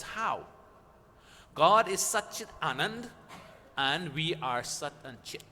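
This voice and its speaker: Man preaching with a bright voice in a reverberant hall. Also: fairly high pitch. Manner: earnest, explanatory, with emphatic rising questions. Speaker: spiritual teacher. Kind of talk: sermon explaining Sanskrit verses. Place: gathering hall at a weekly satsang. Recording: reverberant hall with faint background noise.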